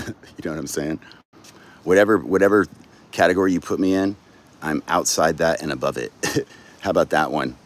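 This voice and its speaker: A man's voice: a bass voice, brisk, long pauses. Profane, laughing livestream host, a man. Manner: profane, rambling, laughs often. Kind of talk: casual livestream chat with viewers.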